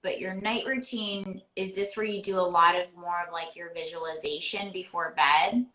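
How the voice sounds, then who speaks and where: A woman's voice: fairly low pitch, steady tone, moderate pace, pushed and bright, low-quality recording. A woman hosting a podcast interview, reflecting on her guest's words and affirming them. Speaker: podcast host and performance coach. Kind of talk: casual interview conversation.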